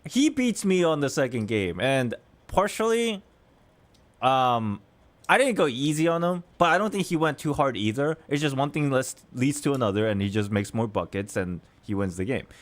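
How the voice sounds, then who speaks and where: A man in his thirties telling a story in a chatty, animated way as a streamer, laughing between lines. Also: mid-range voice, moderate pace. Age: 30s. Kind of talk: casual storytelling.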